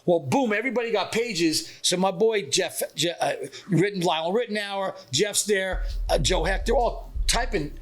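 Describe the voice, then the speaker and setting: A man's voice: sits high, normal speed, hardly any pauses. A middle-aged man co-hosting a podcast, telling a story in casual chat and acting out the lines of the people in it. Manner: animated storyteller acting out quotes. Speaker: podcast co-host.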